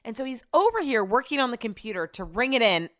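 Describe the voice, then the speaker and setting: A middle-aged woman hosting a podcast, telling an animated, profane story and acting out what people said, with a throat she keeps clearing. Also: on the high side, fast talker, dry recording, clean studio sound. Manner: animated, profane, acts out quotes. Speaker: podcast host. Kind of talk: casual storytelling.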